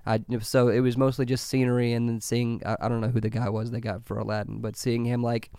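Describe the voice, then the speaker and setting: A man's voice: medium pitch, little pitch movement, fast, dark tone, smooth, dry recording, studio quality. A man in his twenties co-hosting a casual podcast about movies, laughing often and stumbling over repeated words. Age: 20s. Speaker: podcast co-host.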